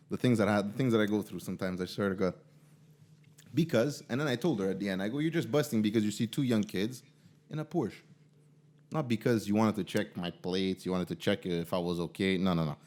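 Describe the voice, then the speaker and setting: A young man, hosting a podcast and telling a story in a casual, animated way, full of fillers. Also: lowish voice. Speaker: podcast host.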